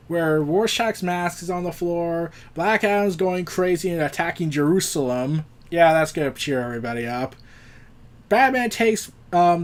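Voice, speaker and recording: A man recapping a comic book issue in casual commentary, acting out the quotes and adding sarcastic asides. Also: high-pitched. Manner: retells the plot, acts out quotes, adds sarcastic jokes.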